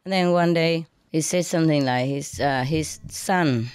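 A woman telling a casual story to listeners in broken English, animated and often laughing as she speaks. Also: low-pitched, measured pace, clear, resonant tone, no room sound. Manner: non-native English with broken grammar. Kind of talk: casual anecdote told to listeners.

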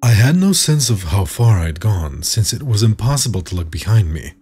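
Man, horror story narration, husky, lively pitch, low voice. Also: moderate pace, soft background music.

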